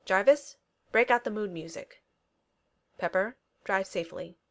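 A woman's voice: medium pitch, brisk, close to an everyday voice. A woman reading a snarky billionaire inventor man. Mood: wry. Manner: wisecracking and flippant. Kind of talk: audiobook reading of fan fiction.

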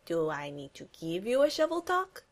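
A woman's voice: lowish voice, very animated, moderate pace. A woman voicing a pompous, dryly menacing male supervillain in a fan fiction reading. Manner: dry, theatrically threatening.

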